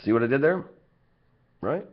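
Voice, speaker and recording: A man's voice: mid-range voice, expressive, normal speed. A man with a Southern US accent giving a casual sales training talk, blunt and profane with joking asides. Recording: slightly dull lo-fi audio.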